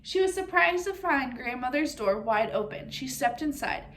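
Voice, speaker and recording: A high-voiced woman reads a children's story aloud with lively expression. She speaks directly to her young listeners, asking them what they think. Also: normal speed. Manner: expressive, asks listeners questions.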